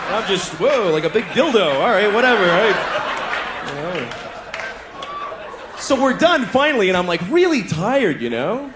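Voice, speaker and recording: A man's voice: high voice, moderate pace, pauses often, a loud crowd, heavy background noise. A middle-aged man doing a stand-up comedy routine, telling stories and acting out voices. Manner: animated storytelling, acting out voices and moans.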